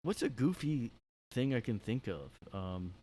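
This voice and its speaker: A man's voice: medium pitch, big pitch swings, measured pace, mellow, poor audio. A man hosting a solo comedy podcast, talking in a tired, rambling, laid-back way. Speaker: podcast host.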